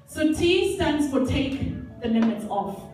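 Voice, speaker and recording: Heard from a distance in an echoey, large indoor leisure centre hall with faint music, a woman speaks at a conference. Her high, slow voice has a darkish tone and lively intonation as she delivers an earnest, emphatic motivational talk, citing Bible examples and repeating key phrases.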